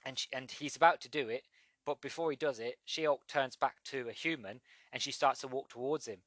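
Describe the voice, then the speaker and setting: A man's voice: medium pitch, fairly quick, a bit bright, no echo. A man hosting a podcast, reviewing a comic book in a casual, rambling way with many restarts. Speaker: podcast host.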